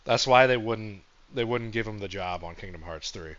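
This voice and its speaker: A man hosting a livestream, rambling through a comedic monologue with sarcastic, deadpan jokes. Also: lowish voice, moderate pace, few pauses, highs cut off. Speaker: streamer host.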